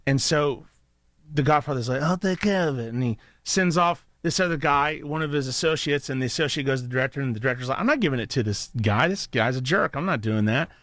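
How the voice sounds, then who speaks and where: Man, 30s, casual host chat, mid pitch, dry sound. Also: fast, a bit bright, no room sound. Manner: rambling, chuckling storyteller. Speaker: radio show host.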